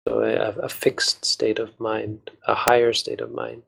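A Buddhist monk teacher leads a study group through a text with patient, measured delivery. His voice is gravelly with fry and flat in pitch, and he pauses and restarts as he works through each point. The audio quality is poor.

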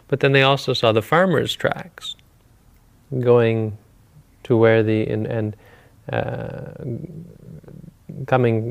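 A man, a Buddhist teacher, retelling a teaching story in a relaxed, conversational dharma talk. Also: lowish voice.

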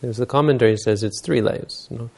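A man's voice: mid-range voice, brisk, vocal fry, a little mellow. A man giving a Buddhist dharma talk, telling stories and explaining teachings unhurriedly, using Pali terms.

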